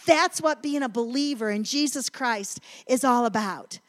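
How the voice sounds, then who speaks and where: Animated woman storyteller preaching. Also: a little high, normal speed. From North Carolina. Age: middle-aged. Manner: animated storyteller, emphatic build-ups. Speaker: women's ministry speaker. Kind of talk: sermon with storytelling.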